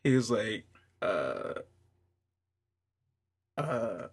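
A man's voice: lowish voice, big pitch swings, drawn-out words, creaky, husky. A young man co-hosting a podcast in casual chat, rambling with lots of fillers and giggling. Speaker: podcast co-host.

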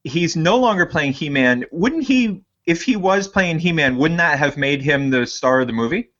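A man co-hosting a podcast, chatting casually and telling jokey, animated stories. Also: a little high, normal speed, dull audio. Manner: joking, animated storyteller. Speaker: podcast co-host. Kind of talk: casual chat.

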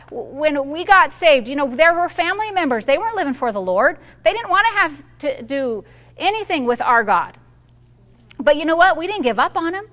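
A woman's voice: sits high, pushed and bright. A woman pastor preaching a fervent sermon and prayer, leading the congregation in call-and-response declarations.

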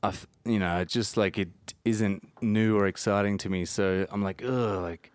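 A man with an Australian accent, talking in a rambling, animated way as a guest in a casual chat. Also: fairly low pitch, moderate pace, clear, resonant tone, dry recording.

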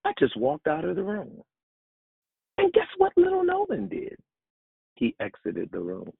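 Gravelly preacher man on a tinny phone line. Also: a little slow, no echo. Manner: animated, jumps high in pitch for emphasis. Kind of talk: sermon with personal story.

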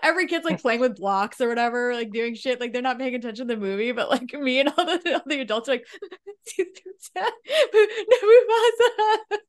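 A woman's voice: fairly high pitch, animated, fast talker, hardly any pauses. A woman co-hosting a podcast who chats casually and laughs often. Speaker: podcast co-host. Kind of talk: casual chat.

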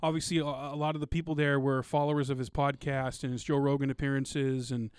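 A man in casual podcast chat, talking excitedly in slangy, loose phrasing. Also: mid-range voice, fairly quick, clean tone, no echo, clean studio sound.

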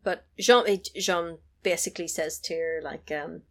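A woman in casual chat, retelling a film's plot with animated storytelling and quick character impressions. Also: fairly low pitch. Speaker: podcast co-host recapping a film.

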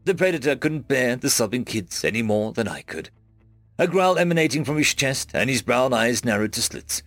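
A man narrating a first-person science fiction story in a measured storytelling manner. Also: mid-range voice, fairly bright tone, dry recording. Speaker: audiobook narrator. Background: faint background music.

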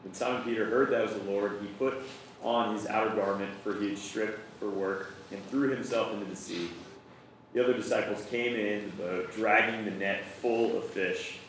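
A man with a fairly low voice reads scripture aloud at a steady, measured pace. He is recorded from a distance in a church sanctuary that echoes heavily, with faint noise behind him. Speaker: scripture reader.

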